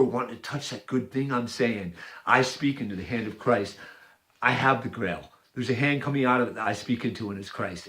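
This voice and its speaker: A man's voice: mid-range voice, fairly bright tone. A man rambling in a casual monologue, describing a picture with hesitant, repetitive restarts. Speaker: video maker.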